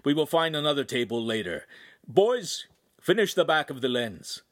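A man's voice: a little high, big pitch swings, normal speed, a bit bright, pitched above the performer's own voice. A man voicing a stern, commanding master lens-maker in an audiobook. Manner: solemn, commanding.

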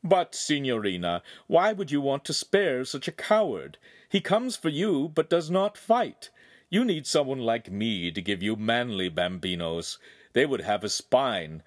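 A man's voice: medium pitch, very animated, a little slow, no room sound, clean studio sound. A man voicing an arrogant young swordsman villain, mocking and cruel in an audiobook. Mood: sneering. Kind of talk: audiobook narration.

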